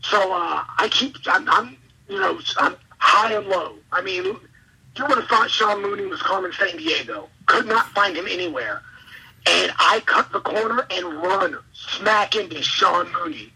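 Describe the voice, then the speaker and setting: A man, a wrestler and podcast guest, telling an excitable, rambling story in casual interview chat. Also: sits high, gravelly, husky, low-quality recording. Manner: excitable, rambling, quick asides.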